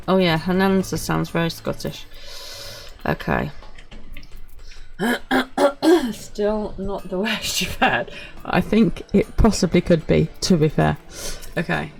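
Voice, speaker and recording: A woman streaming a video game, chatting casually and poking fun at herself as she plays. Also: on the low side. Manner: chatty, self-mocking and apologetic. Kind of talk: casual live-stream commentary.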